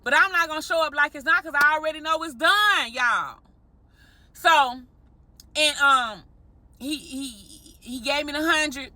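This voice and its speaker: A married woman telling an animated story straight to her viewers in a vlog, often calling them y'all. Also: high voice, unhurried, no room sound. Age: adult, married. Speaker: vlogger.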